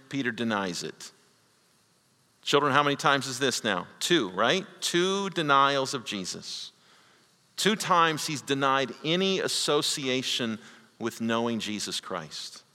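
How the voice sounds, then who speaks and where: Bright-voiced preacher in a reverberant hall. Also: male voice. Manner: dramatic swings between loud emphasis and hushed low lines, repeats words. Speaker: pastor. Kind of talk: sermon.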